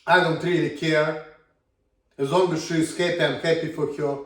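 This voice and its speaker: A man's voice: a little high, steady tone, normal speed. A man in his thirties with a Russian accent, ranting bluntly and swearing a lot in a casual monologue. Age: 30s. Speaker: vlogger. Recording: echoey room, from far off.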